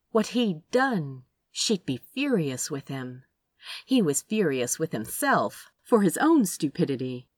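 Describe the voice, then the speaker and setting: Woman narrator, audiobook reading, expressive, low voice, dry recording. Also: dry recording. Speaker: reader.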